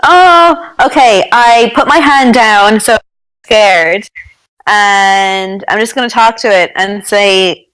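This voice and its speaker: A woman playing a tabletop game, excitable and giggly as she describes her character's actions. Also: medium pitch, slow, clear, resonant tone, dry recording, rough recording. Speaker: player. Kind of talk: tabletop role-play.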